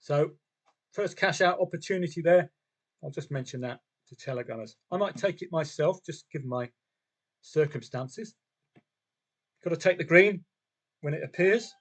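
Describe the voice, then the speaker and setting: A man's voice: a little high, lively intonation, moderate pace, pauses often. Chatty man on a betting livestream. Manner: chatty, talks to himself and viewers, rhetorical questions. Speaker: football trading livestream host. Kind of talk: casual live commentary on matches and bets.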